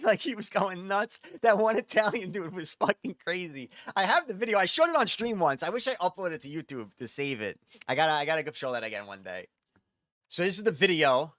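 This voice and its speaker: A man, a streamer, telling a story in casual, profane, animated talk. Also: on the high side, no room sound.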